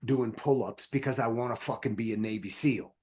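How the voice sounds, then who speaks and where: A man with a husky, slightly rough voice of middling pitch tells stories as a podcast guest. He rambles and swears freely as he builds each anecdote. His delivery is loose and conversational. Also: brisk. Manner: profane, rambling, animated anecdotes. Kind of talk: casual storytelling chat.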